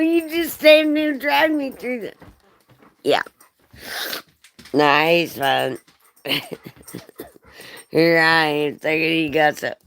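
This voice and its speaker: A woman talking casually to the camera and her dog, profane and giggly, slipping into playful baby-talk. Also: low-pitched. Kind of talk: casual rambling vlog to camera.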